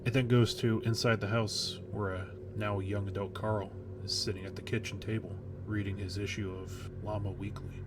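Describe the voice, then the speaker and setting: A man with a fairly low voice tells a horror story in a casual, crude way. He stumbles over nervous restarts now and then. A faint hum sits behind the recording. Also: level tone, normal speed, hardly any pauses. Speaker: narrator. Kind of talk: creepypasta storytelling.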